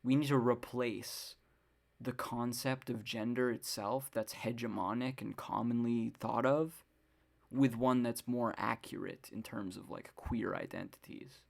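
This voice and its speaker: A woman's voice: rumbling low, steady tone, unhurried, gravelly, a little mellow. Rambling, swearing woman podcaster. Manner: rambling, many fillers and frequent swearing; exasperated ranting. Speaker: podcast host. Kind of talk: casual solo podcast monologue.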